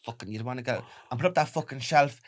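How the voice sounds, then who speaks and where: A man's voice: racing, natural voice. A man with an Irish accent voicing a furious, nagging Irish wife who rants and swears shrilly. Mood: ranting. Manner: shrill, ranting, heavy swearing.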